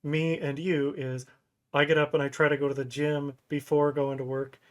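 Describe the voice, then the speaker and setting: A man's voice: fairly high pitch, little pitch movement, normal speed. A man in his thirties, co-hosting a casual podcast chat, who tells rambling stories and laughs often. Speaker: podcast co-host.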